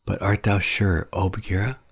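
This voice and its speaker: A man voicing an eager boy raised by wolves, his voice pitched up from his own. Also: fairly even intonation, moderate pace, gravelly, husky, heavily acted.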